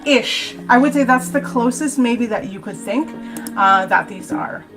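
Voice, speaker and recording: A woman with a higher voice runs a tabletop game on a stream, taking her time over each call. She chats and jokes, often poking fun at herself. Faint dramatic music plays behind her. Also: lively intonation, measured pace. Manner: chatty, jokey and self-mocking. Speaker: game master.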